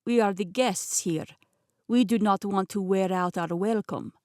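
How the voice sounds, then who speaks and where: Woman doing a smooth, scheming Russian man. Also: mid-range voice, a little slow, a little mellow, dry recording, studio quality, natural voice. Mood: placating.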